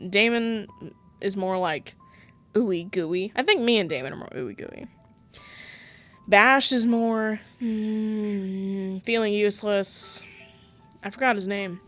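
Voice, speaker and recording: A woman's voice: mid-range voice, a bit bright. A woman with a sore throat, reading a visual novel aloud and breaking off into casual, self-mocking asides. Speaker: game streamer.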